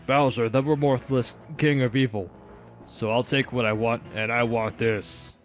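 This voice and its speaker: A man voicing a blustering turtle king villain who boasts and shouts, over a video game playthrough. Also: medium pitch, fairly even intonation, moderate pace, soft background music, natural voice. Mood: gloating.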